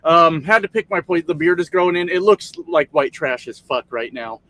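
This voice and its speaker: Trucker streamer, male, slightly high voice, loose and profane, chatting to viewers from his cab. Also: expressive, fairly quick, pushed and bright, slight background noise. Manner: profane, rambling, reads out chat names. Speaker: trucker livestream host. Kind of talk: casual livestream chat. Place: parked truck sleeper cab.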